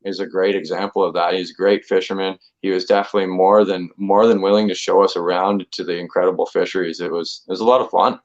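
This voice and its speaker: Laid-back guy co-hosting, lowish voice, kinda muffled lo-fi audio. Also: fast talker, hardly any pauses. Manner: relaxed, laughs easily, chimes in. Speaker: co-host. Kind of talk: casual live show chat. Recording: dull lo-fi sound.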